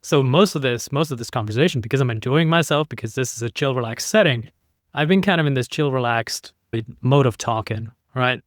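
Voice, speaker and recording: A man talking as a podcast guest in a relaxed, conversational way, acting out his points by shifting his voice up and down. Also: medium pitch, fairly quick, no room sound, studio quality. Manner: animated, demonstrates inflection by playing with his voice. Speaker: podcast guest, keynote speaker.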